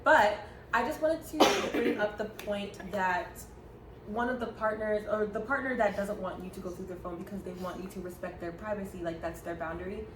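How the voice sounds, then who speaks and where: A woman's voice: medium pitch, normal speed. A young woman co-hosting a podcast in casual chat, giggly and hesitant, with lots of ums. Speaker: podcast co-host. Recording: echoey room with clear background noise.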